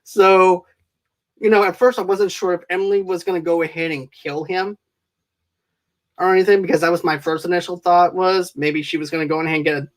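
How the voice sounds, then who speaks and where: A man co-hosting a casual film review podcast, recapping plot scenes in a rambling, enthusiastic way with plenty of fillers. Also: fairly high pitch. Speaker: movie reviewer co-host.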